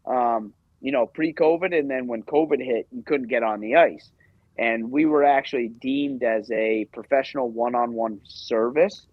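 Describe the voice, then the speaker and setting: A man's voice: medium pitch, normal speed, dry recording. A man in his thirties, a podcast guest, telling a long story in a loose, rambling way with lots of fillers. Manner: rambling, filler-heavy, animated retelling. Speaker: podcast guest, hockey coach. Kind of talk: casual storytelling interview. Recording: dry, slightly dull podcast audio.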